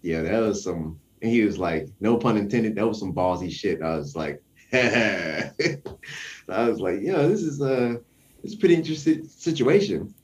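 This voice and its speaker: A man's voice: on the low side, animated, moderate pace. A young man telling a story in casual conversation, acting out the quoted voices and chuckling often.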